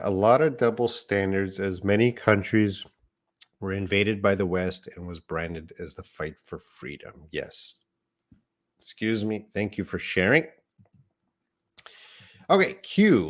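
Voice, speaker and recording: A man teaching a live online English lesson, explaining words patiently and reading out viewer comments. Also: lowish voice.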